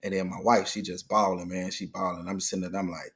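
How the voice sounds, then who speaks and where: A man's voice: low voice, brisk. Man telling a family story. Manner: animated retelling, acting out quoted dialogue. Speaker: guest. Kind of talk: casual storytelling.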